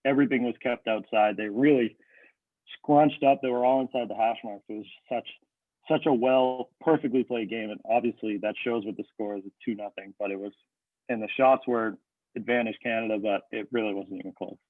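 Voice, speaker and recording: A man's voice: fairly low pitch, fairly quick, no echo. A young man co-hosting a casual sports podcast, laying out his points one by one in an analytical way. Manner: analytical, breaks down points in order. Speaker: podcast co-host. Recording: tinny phone-like line, dry.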